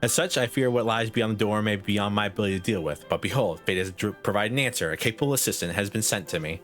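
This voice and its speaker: A man's voice: on the low side, quick pace, a bit bright, faint music behind, close to an everyday voice. A man voicing a fussy, pompous woman professor who lectures and hands out marks. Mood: haughty. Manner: haughty, lecturing, clipped.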